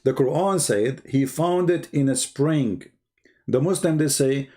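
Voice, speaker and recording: A man's voice: on the high side, moderate pace, warm tone. A man with giving mocking, sarcastic commentary on video clips. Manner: sarcastic, repeats words for effect, non-native phrasing.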